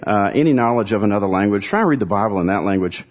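A man preaching a conversational sermon, teaching with dramatic pauses and reading scripture aloud. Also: on the low side, expressive. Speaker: pastor.

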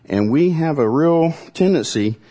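A man preaching a conversational sermon, teaching with dramatic pauses and reading scripture aloud. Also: on the high side, animated, dark tone. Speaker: pastor.

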